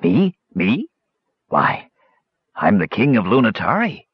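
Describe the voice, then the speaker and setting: A man voicing a scrawny, ragged old castaway who calls himself king, with a raspy, eager, nervous manner, in a dull lo-fi audiobook recording. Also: fairly low pitch, huge pitch swings, takes it slowly, no echo, heavily acted.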